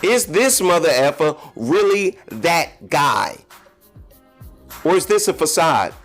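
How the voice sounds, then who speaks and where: Male podcast host, mid-pitched, frank confessional monologue over faint music. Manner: candid, confessional, talks straight to listeners. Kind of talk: casual solo podcast monologue.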